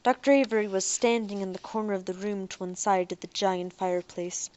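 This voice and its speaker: A woman narrating a science fiction audiobook in a steady, even reading voice. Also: medium pitch, a little fast.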